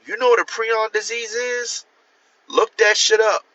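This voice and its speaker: Male livestream host, casual and profane, rambling; bright, forceful tone, muffled phone audio. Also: high-pitched, flat delivery, unhurried. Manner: profane, rambling, talks straight to viewers; answers viewer comments. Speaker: author hosting a livestream.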